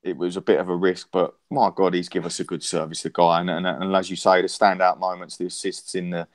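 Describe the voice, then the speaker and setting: A man's voice: sits low, flat delivery, fairly quick. A man in a casual football chat, talking passionately in long, rambling runs full of restarts and swearing. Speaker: podcast co-host.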